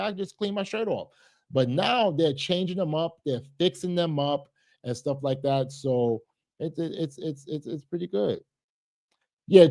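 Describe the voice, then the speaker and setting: A man, chatting casually to a livestream audience. His voice sits a little high and sounds dry and close to the mic. He rambles, repeats words and laughs as he reads comments. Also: no room sound. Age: 30s. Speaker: livestream host.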